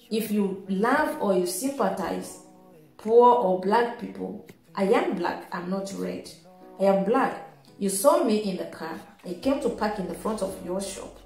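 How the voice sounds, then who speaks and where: A woman calmly telling a personal story in a casual, halting way, with frequent restarts. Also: medium pitch. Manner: calm, halting, many restarts. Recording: echoey room with faint music.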